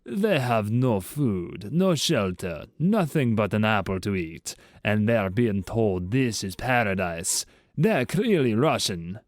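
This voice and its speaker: A man doing a slow, dour Russian. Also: lowish voice, dry recording, studio quality. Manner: slow, heavy, deadpan delivery.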